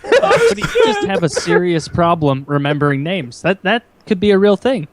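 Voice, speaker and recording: Teasing, higher-voiced podcast guy. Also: very animated, normal speed, noisy background. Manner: teasing, emphatic. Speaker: podcast co-host. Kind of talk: casual podcast banter.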